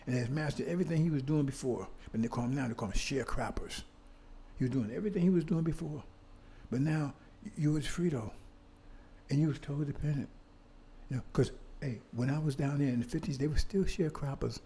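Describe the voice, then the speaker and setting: A man's voice: mid-range voice, fast, dark tone. An older man giving a fiery lecture, pounding on repeated rhetorical questions and swearing now and then. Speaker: speaker on history. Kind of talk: impassioned street-style lecture.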